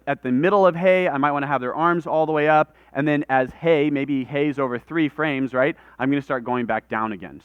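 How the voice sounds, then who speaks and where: A man teaches a room full of people in a relaxed, conversational way. His voice is smooth and clear, with a dry, slightly dull lo-fi recording sound. He explains things step by step and talks with his hands. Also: medium pitch, dry recording. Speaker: workshop presenter. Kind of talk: live workshop lecture. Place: conference room with audience.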